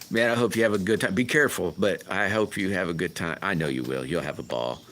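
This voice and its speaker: A man's voice: sits low, fast, hardly any pauses, a bit bright, faint music behind. A man casually chatting with viewers on his livestream, rambling and greeting people by name. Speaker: livestream host.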